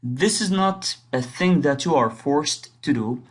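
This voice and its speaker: A man's voice: on the high side, lively intonation, measured pace, breathy edge. A man teaching an English grammar lesson, explaining patiently and rephrasing his points, reading example sentences aloud with marked stress. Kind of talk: recorded online lesson.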